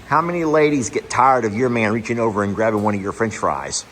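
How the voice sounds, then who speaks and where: A man's voice: fairly low pitch, lively intonation, fairly quick, fairly bright tone, slight background noise, poor audio. A man vlogging from his barn, chatty and affectionate as he talks to his horses. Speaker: horse rescue owner. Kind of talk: casual vlog. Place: barn stalls.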